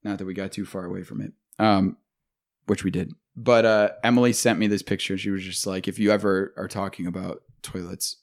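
A young man with a fairly low voice co-hosts a casual podcast. He rambles, jokes and swears often as he talks. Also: fairly even intonation. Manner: profane, rambling, quick to joke. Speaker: podcast co-host.

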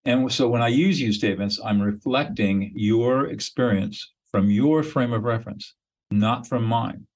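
A man's voice: medium pitch, a little slow, a little mellow, low-quality recording. A man, a mediator and podcast guest, explaining his method in a blunt, emphatic, instructional way.

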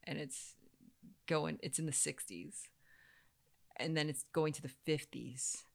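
A woman in her thirties telling a personal story in a casual way, animated and acting out the voices of the people she quotes. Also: low voice, a little slow, gravelly. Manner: animated, acts out quoted voices, laughs often.

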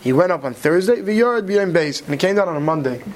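A man teaching a study class, talking quickly and checking in with "right?" as he explains. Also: sits high, animated. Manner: quick, mixes Hebrew terms into English, many "right?" checks. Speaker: Torah teacher. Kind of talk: Talmudic study lecture.

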